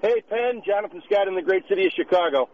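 A man's voice: high voice, fast talker, slight background noise. A man calling in to a radio show, chatty and giggly, rambling through his story. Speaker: caller. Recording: dull lo-fi radio broadcast.

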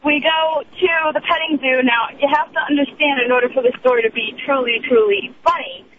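A woman in her late twenties with a high voice, heard over a dull phone line with a faint hiss. She tells her story in an animated, giggly way as a caller to the show. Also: a little fast. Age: late 20s. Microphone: telephone.

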